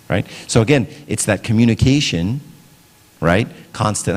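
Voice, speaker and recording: A man's voice: sits low, lively intonation, brisk. A middle-aged man giving a casual parenting talk at church, conversational, often asking "right?". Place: church hall. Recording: long hall reverb.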